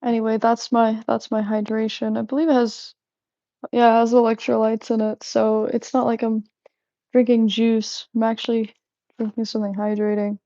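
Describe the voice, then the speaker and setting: A woman's voice: on the high side, flat delivery, normal speed, dark tone, dry recording. A young woman hosting a live stream, chatting casually and rambling with frequent restarts and giggles. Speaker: livestream host. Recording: dull lo-fi live-stream audio.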